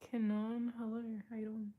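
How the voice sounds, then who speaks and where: A woman's voice: on the high side, monotone, moderate pace, phone-quality sound. A young woman, chatting casually with her livestream chat, reading out and answering comments and laughing often. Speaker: livestream host.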